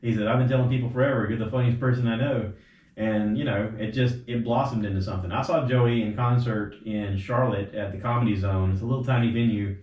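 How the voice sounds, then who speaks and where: A man's voice: lowish voice, fast. Rambling man telling stories, roomy sound. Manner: rambling storyteller, quotes others with animated voice jumps. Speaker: podcast host. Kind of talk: casual chat. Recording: roomy, slightly dull home recording.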